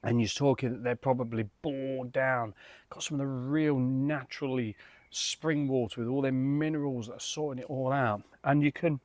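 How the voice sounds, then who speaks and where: A man's voice: mid-range voice, fairly even intonation, normal speed, a little mellow, dry recording. A man, casually reviewing beer in a rambling way, full of fillers and restarts.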